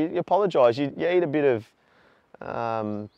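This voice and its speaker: A man's voice: a little high, a little fast, clear, resonant tone, dry recording. An Australian man in his forties, telling his own story in a candid, talkative interview. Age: 40s. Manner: talkative, animated when retelling stories. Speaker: charity walker.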